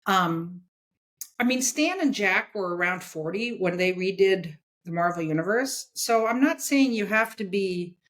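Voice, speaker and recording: A woman's voice: mid-range voice, expressive, measured pace. A woman talking bluntly and emphatically as a guest in a casual interview, often checking in with "okay?". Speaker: comics editor and guest.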